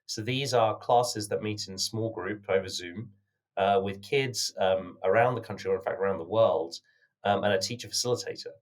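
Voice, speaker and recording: A man with a British accent, from the United Kingdom, talking as a podcast guest in an earnest, measured way with many filler words. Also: lowish voice. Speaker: podcast guest, company founder. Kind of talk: conversational interview answers.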